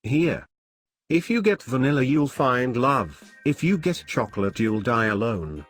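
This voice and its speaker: A man's voice: medium pitch, sing-song, a little slow, faint music behind. A man voicing a blunt, flippant young woman baker in a storybook reading, speaking in a dry, offhand way.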